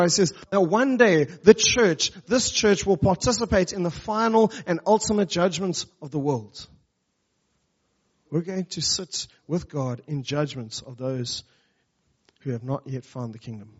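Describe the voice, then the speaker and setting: A male pastor with a high voice delivers a sermon, emphatic and conversational, driving his points home with rhetorical questions. The recording sounds a little dull and muffled. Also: a little mellow, breathy edge.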